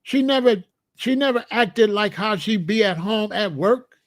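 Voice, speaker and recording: A man's voice: sits high, lively intonation, unhurried, no room sound, clean studio sound. A man giving a blunt, emphatic, scolding monologue to viewers in a live chat, speaking as a commentator.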